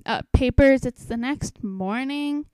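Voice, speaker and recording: Quizzical young woman with a high voice. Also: slow pace, darkish tone, smooth, dry recording, poor audio. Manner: chatty, quizzical, nitpicking. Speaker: book commentator. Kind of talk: casual spoken book commentary.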